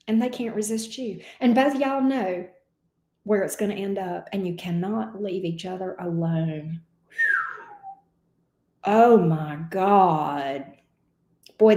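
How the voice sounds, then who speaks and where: A woman's voice: mid-range voice, reverberant. A woman giving a casual, emotional tarot reading. She talks expressively and swears now and then. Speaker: tarot reader.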